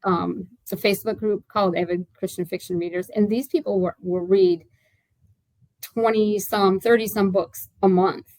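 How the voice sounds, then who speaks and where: A woman's voice: medium pitch, fairly even intonation, moderate pace, a little mellow, no room sound, low-quality recording. A woman in her sixties, an author being interviewed, talking in a chatty, rambling way with lots of fillers and restarts. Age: 60s. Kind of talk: casual interview chat.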